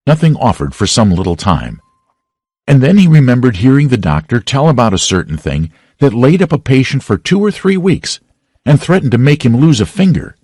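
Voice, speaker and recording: A man narrating a classic novel as an audiobook with expressive storytelling. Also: on the low side, slightly rough, dry recording, clean studio sound. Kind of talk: scripted narration.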